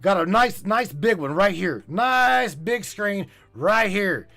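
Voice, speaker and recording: Urgent, high-voiced ranting male podcast host. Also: animated, takes it slowly, gravelly, pushed and bright. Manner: urgent, preachy, swears often, repeats himself. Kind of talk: impassioned livestream rant.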